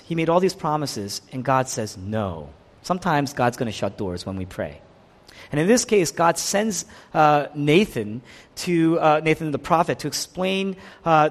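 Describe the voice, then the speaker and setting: A man preaching a sermon, animated, swinging between loud emphatic lines and hushed, slow ones. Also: a little high. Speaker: pastor. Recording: long hall reverb.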